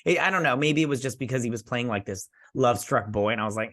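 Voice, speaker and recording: A man's voice: medium pitch, expressive, very fast, bright, forceful tone. A man hosting a casual recap and review of a TV episode, rambling with lots of fillers and acting out the characters' lines.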